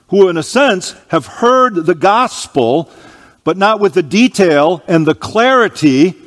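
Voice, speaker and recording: A man preaching a sermon in a church, reading scripture aloud with slow emphatic stresses and clearing his throat from allergies. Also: high-pitched, big-room sound.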